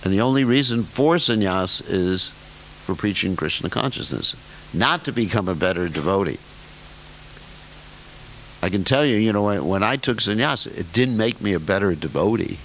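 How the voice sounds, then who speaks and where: An older man with a lowish voice gives a scripture lecture, his pitch rising and falling a great deal. He drags out key words for emphasis and drifts into wry jokes at his own expense. Faint hiss runs under the recording. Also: lively intonation, normal speed, a bit bright, rough recording. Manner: humorous, self-deprecating asides with chuckles. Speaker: spiritual teacher giving a scripture class.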